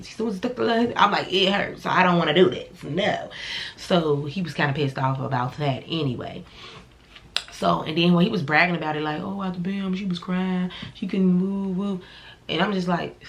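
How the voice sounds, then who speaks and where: A woman tells a personal story in a casual vlog. She talks bluntly and swears freely. She jumps into animated impressions of the people she quotes, in a voice that sits a little low. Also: a little hiss or hum. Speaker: storyteller vlogger.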